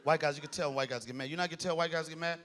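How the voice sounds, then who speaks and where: A man performing a stand-up comedy set on stage, animated, shouting his punchlines and slipping into voices. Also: a little high, rapid-fire. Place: comedy stage before a live audience. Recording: live club with loud crowd laughter.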